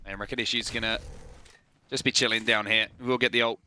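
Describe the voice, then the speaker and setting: A young British man doing fast, excitable play-by-play commentary on an esports match. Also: smooth. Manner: fast, excitable play-by-play, jumping into higher exclamations. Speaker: esports caster.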